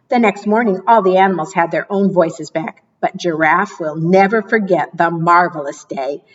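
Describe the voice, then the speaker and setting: Woman librarian reading storybooks for preschoolers, gentle and encouraging, slow, airy, from a distance on a dull mic. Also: on the low side, slightly rough. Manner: gentle and encouraging, asks children questions. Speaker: children's librarian. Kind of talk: preschool storytime read-aloud.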